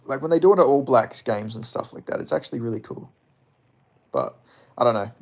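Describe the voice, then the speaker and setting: A man's voice: mid-range voice, lively intonation, brisk, darkish tone. A man in his twenties chatting casually with his live-stream audience, rambling and swearing as he reads chat. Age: 20s. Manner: profane, rambling, laughs often.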